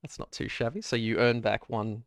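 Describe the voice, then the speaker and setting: A man as game master, narrating a tabletop game in a measured, descriptive way. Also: medium pitch, vocal fry, no echo, studio quality.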